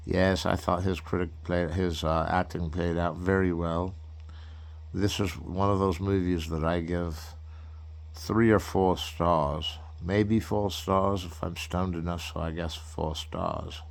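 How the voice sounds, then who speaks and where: A man's voice: deep voice, fairly even intonation, takes it slowly, vocal fry. A man hosting a loose, jokey cartoon critique, rambling through improvised commentary and slipping into mock-grand phrasing. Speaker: comedic film critic host.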